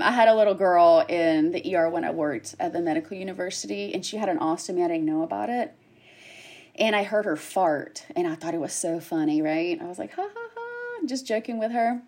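A woman in her thirties talking casually about something that happened to her. She tells it with animation, jumping into quoted lines as she goes. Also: fairly low pitch. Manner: animated storyteller, acts out quotes. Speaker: guest sharing her story. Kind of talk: casual chat.

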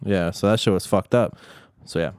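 A man's voice: low-pitched, a little mellow, clear, resonant tone, dry recording, studio quality. A young man in casual chat with friends, talking bluntly and swearing often. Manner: profane, blunt, quick reactions. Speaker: participant in a group chat.

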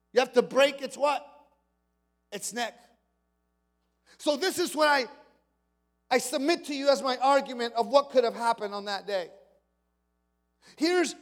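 A man's voice: very high-pitched, fairly bright tone. A man preaching a sermon as pastor, telling a story with dramatic energy and acting out the people in it. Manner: dramatic storytelling, voicing characters. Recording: long hall reverb.

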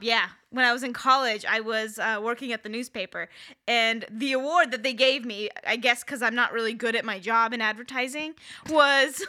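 Wry bright-voiced woman in her thirties. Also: on the high side. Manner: candid, wry and self-deprecating. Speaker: podcast co-host. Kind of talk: casual chat.

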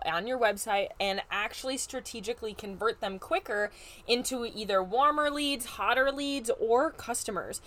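A woman's voice: fairly high pitch, a bit bright. A woman with a Midwestern American accent hosting a solo business podcast, bubbly and chatty, talking to listeners like a close friend. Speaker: podcast host, business growth coach. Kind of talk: upbeat solo podcast chat.

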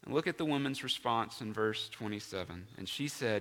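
A man's voice: mid-range voice, expressive, moderate pace, fairly bright tone, in a large hall. A male pastor preaching a sermon in a church, emphatic and asking his congregation questions. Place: church sanctuary.

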